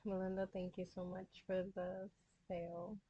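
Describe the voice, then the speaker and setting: A woman's voice: lowish voice, little pitch movement, moderate pace, slightly rough, muffled recording. A woman hosting a casual cross-stitch livestream, reading viewer comments aloud and chatting back to them. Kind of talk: casual live-stream chat.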